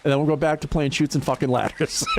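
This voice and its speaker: Animated, foul-mouthed man in his fifties. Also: fairly high pitch, background noise. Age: 50s. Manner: animated, profane, laughs often. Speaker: livestreamer. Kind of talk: casual chat.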